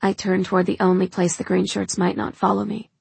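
A woman's voice: medium pitch, flat delivery, a little fast, vocal fry, darkish tone, slightly rough, no room sound. A woman doing tense, breathless first-person audiobook narration.

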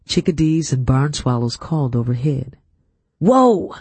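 A man narrating an audiobook in a steady, measured storytelling manner. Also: medium pitch, vocal fry, husky, no room sound. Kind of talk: scripted narration.

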